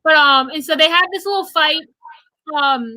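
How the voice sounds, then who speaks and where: A young woman with a high, bright voice chats excitedly on a livestream, full of ums and likes. The sound is close and dry. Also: no echo, poor audio. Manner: quick, excited recounting with many fillers. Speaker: guest, theater fan. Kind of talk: casual livestream chat.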